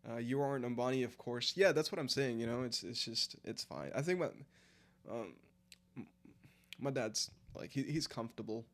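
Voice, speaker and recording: A man's voice: medium pitch, animated, moderate pace. A tired young man from India chatting loosely with his stream viewers, laughing often and using slang and swearing. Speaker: live streamer. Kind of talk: casual chat with viewers while reading the chat.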